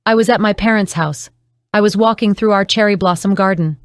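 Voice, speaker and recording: Woman narrator playing a troubled young woman, searching and pleading; smooth, dry audiobook read. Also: mid-range voice, a little fast, no room sound, lightly acted. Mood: subdued. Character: troubled young woman questioning her captor.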